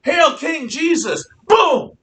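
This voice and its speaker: A man acting out rough soldiers who mock a prisoner with shouted, laughing taunts. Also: extremely high pitch, big pitch swings, takes it slowly, echoey room, pitched above the performer's own voice, full character voice. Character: jeering rough male soldiers mocking a prisoner.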